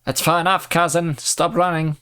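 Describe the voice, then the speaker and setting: A man voicing a small young oni girl who talks softly and pleadingly. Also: a little high, flat delivery, moderate pace, smooth, voice pushed up. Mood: weary. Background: faint background music.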